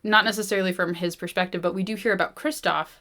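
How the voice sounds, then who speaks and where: A woman hosting a book podcast, reading a novel aloud and chatting, animated with many "like"s. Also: mid-range voice, quick pace. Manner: animated retelling, heavy use of "like". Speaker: podcast host.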